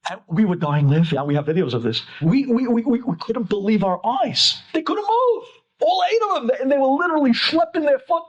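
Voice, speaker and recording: Animated high-voiced rabbi storyteller. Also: male voice, low-quality recording. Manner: animated, acts out the characters. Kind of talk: storytelling talk to an audience.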